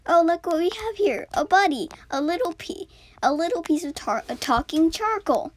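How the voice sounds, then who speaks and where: A woman voicing a curious, friendly young boy who speaks in a high, excited voice. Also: normal speed. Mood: curious, delighted.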